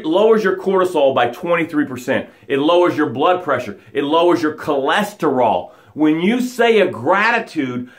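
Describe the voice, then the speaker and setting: A fairly high-voiced man speaks as a motivational coach on a live broadcast. He preaches with energy, repeats his key lines, and raises his voice to act out angry stories. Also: a bit bright. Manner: acts out angry stories with rising voice.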